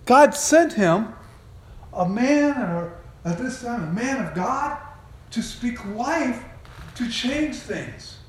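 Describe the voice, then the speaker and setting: A man preaching a sermon, retelling a story in an animated way and putting questions to his listeners. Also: extremely high pitch, takes it slowly. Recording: very echoey room.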